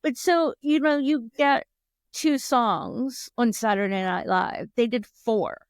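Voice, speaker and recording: A woman's voice: on the high side, takes it slowly, clean tone, no room sound, clean studio sound. A woman co-hosting a podcast, chatting casually with lots of fillers and laughter. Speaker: podcast co-host. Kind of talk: casual chat.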